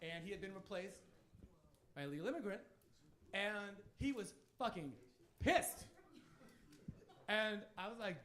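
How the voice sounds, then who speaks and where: A man performing a stand-up comedy set on a club stage, animated, jumping from loud bursts to low mutters. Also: unhurried, pauses often.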